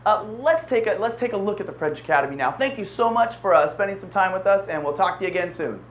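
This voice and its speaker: A woman's voice: medium pitch, expressive, fast talker, a little hiss or hum. A woman hosting a casual interview, asking friendly questions with frequent fillers and restarts. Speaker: show host interviewing a volunteer.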